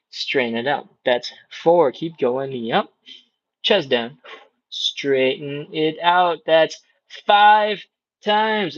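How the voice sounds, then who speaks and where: Male stretch coach, somewhat high voice, close and dry, a bit dull lo-fi sound; calm, encouraging breath cues. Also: no echo. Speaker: stretching instructor. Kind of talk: live workout instruction, cueing breaths and counting.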